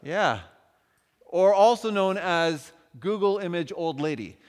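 A man speaks with a lively, bouncing delivery that swings widely in pitch and sits somewhat high for a male voice. He jokes with his listeners in an easy conversational way while giving a talk on faith at a church event. A long hall reverb follows his words through the large space. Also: slow pace. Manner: animated, joking, conversational.

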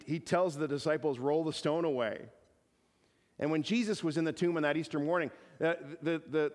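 A man preaching a sermon as pastor, often repeating words as he builds to emphatic peaks. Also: a little high. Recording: long reverb of a large hall.

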